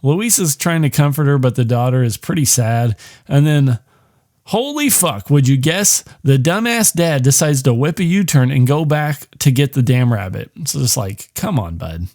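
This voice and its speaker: A man's voice: mid-range voice, animated, normal speed, a little mellow, no room sound, studio quality. A man hosting a podcast, recapping a film in a casual, rambling and sarcastic way, swearing freely. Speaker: podcast host.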